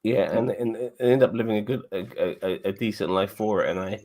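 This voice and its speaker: This podcast co-host, whose voice is fairly low-pitched and darkish, grows emotional during a live review and keeps stumbling and restarting his sentences.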